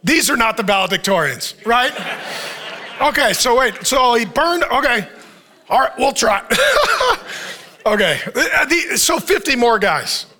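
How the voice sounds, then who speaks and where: A man's voice: very high voice, big pitch swings, unhurried, pauses often, sharp tone. A male pastor preaching a sermon, telling the story with jokes and frequent laughter.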